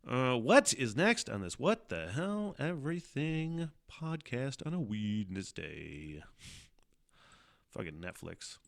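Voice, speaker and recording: A man's voice: mid-range voice, sing-song, takes it slowly, vocal fry, few pauses. A man hosting a casual solo podcast, rambling and swearing a lot, often laughing and sighing in exasperation. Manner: sighs and mutters in exasperation. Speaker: podcast host.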